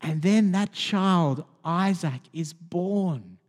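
A man preaching a sermon as a pastor, talking in a conversational, expressive way with frequent restarts. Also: high-pitched, very slow, big-room sound. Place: church hall.

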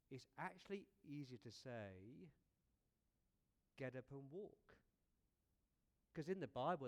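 A man preaching a sermon as a lively, conversational story, often repeating words and asking rhetorical questions. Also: mid-range voice.

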